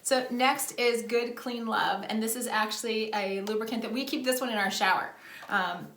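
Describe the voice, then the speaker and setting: Middle-aged female co-host, frank casual chatter, slightly high, echoey room. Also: moderate pace, a bit bright, slight background noise. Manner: chatty and candid, frank about intimacy. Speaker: podcast co-host. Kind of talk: casual product chat.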